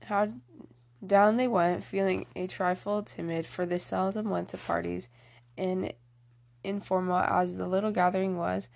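A woman's voice: fairly low pitch, level tone, unhurried, gravelly, darkish tone. A woman reading a novel aloud as an audiobook, plainly, with small slips and restarts. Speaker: audiobook reader. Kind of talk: audiobook narration.

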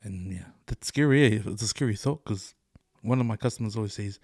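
A man's voice: fairly low pitch, brisk, a little mellow, breathy edge, no room sound. A middle-aged man with a New Zealand accent co-hosting a podcast, talking loosely with lots of swearing, laughs and "eh". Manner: loose, swears a lot, laughs often, fillers like "eh" and "bro". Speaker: podcast co-host. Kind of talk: casual chat.

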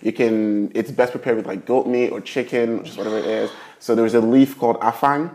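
A young man from Nigeria hosting a podcast, talking in a chatty, animated way with plenty of fillers. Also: mid-range voice, a little fast. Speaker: podcast host. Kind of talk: casual chat.

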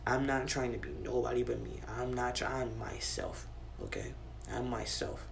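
A man's voice: medium pitch, steady tone, normal speed, gravelly, background noise. A young man giving a heated, profane monologue, full of repeated "bro" and restarts. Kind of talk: ranting monologue to camera. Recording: roomy echo with faint ambience.

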